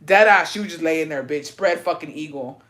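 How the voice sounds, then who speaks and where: A low-voiced woman speaks at a moderate pace with a fairly bright tone while hosting a livestream. She tells something from her own life, swears casually, and answers chat comments bluntly, dropping "bitch" often.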